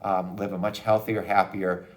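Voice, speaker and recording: Casting: male doctor, low-ish voice, easygoing parent-advice explainer talking to camera. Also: little pitch movement, normal speed. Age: adult parent of a young child. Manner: casual and upbeat, with frequent "okay?" and "hey" asides. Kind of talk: educational talk to camera.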